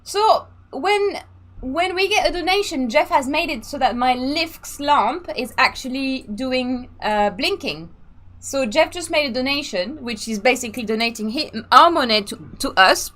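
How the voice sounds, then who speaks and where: A woman's voice: high voice, animated, a little slow, fairly bright tone. A woman hosting a casual live stream, chatting freely, laughing and reading out the chat. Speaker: streamer and sim racing host.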